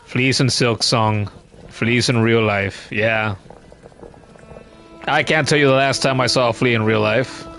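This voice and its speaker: Gravelly-voiced man rambling through a game stream. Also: medium pitch, steady tone, unhurried, pauses often, fairly bright tone, faint music behind. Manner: rambling, stammering restarts, swears. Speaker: gameplay streamer. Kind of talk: casual let's-play commentary.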